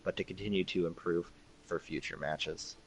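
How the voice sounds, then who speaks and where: A man's voice: low-pitched, steady tone, normal speed, slightly rough, rough recording. A man casting a live esports match with laid-back, dry joking commentary.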